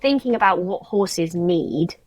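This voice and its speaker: A woman's voice: lowish voice, expressive, measured pace, no echo. A woman co-hosting a casual podcast chat, explaining horse training in a practical, thoughtful way.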